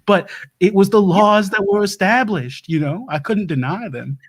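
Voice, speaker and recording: Guy doing a stammery doomsday prepper host, kinda high voice, always backpedalling. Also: normal speed. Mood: flustered. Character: doomsday prep lecturer, bumbling Southern American husband. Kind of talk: improv comedy livestream.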